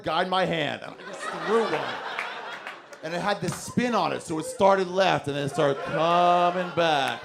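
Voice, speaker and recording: A man's voice: on the high side, creaky. A man doing stand-up comedy, telling a long, profane story on a club stage and acting out the voices of the people in it. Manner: profane, animated, acts out quotes.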